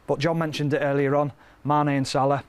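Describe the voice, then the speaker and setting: A man giving studio analysis as a football pundit, talking in a steady, explanatory way. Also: fairly high pitch, a little fast, clear, resonant tone.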